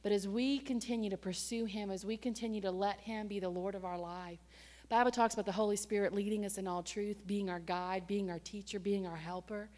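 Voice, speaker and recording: A woman preaching a sermon and telling a personal story in a lively, conversational way, with sudden surges in pitch and loudness. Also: fairly quick. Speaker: church staff member and preacher. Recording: long hall reverb.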